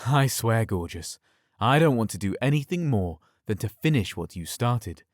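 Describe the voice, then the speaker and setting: A man's voice: mid-range voice, animated, moderate pace, no room sound, clean studio sound, natural voice. A man voicing a ruthless, commanding young werewolf alpha in an audiobook, with curt delivery.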